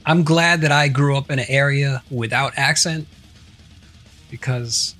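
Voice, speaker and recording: A man's voice: mid-range voice, unhurried, pushed and bright, faint music behind. A man co-hosting a podcast in easygoing casual chat, often laughing along. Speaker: podcast co-host.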